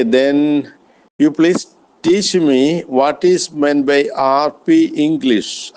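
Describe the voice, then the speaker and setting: A man practicing spoken English with an AI, speaking carefully and politely with frequent pauses and restarts. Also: mid-range voice, a little mellow. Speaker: English learner.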